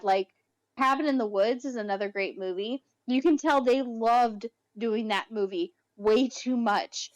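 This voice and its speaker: An enthusiastic woman rambles happily in a casual podcast chat. Her voice is fairly high and sounds close and dry, with no room around it. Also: no room sound, rough recording. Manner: enthusiastic, rambling, many fillers. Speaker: podcast guest.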